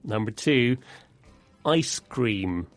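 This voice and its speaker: A man co-hosting a scripted English vocabulary lesson, explaining in a clear, deliberate way. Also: mid-range voice, animated, dry recording, soft background music. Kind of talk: scripted teaching dialogue.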